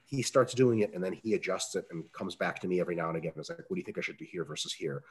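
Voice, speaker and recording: Fast-talking husky man coaching. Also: deep voice. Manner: profane, animated, acts out quoted dialogue. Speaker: strength coach. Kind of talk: casual interview answers.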